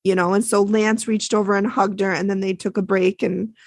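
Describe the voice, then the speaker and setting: A woman chats through a show recap for a podcast, slipping into the quoted lines as she goes. Her voice sits at an ordinary middle pitch. The sound is close and dry. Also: level tone, fairly quick, dry recording. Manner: chatty, retells scenes with quoted lines. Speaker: podcast co-host recapping an episode.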